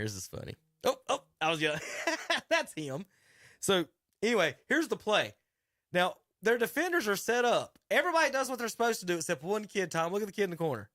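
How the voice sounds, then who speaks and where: Rambling radio host, dry studio. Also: male voice, high-pitched, no room sound. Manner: rambling, animated storyteller who restarts sentences. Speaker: sports talk radio host and youth basketball coach. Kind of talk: casual radio chat narrating a video clip.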